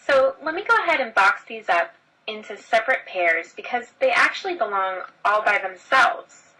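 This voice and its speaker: A woman's voice: on the high side, expressive, normal speed, bright, forceful tone, recorded from a distance, low-quality recording. A woman teacher explaining a lesson step by step, talking straight to her students. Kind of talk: screen-recorded lesson.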